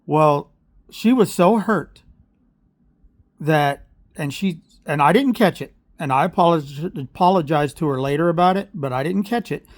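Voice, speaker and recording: A man's voice: fairly high pitch, unhurried, no echo, studio quality. A man telling a heated, rambling story as a parent in a casual vlog, emotional and often correcting himself. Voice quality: emotional, openly aggrieved.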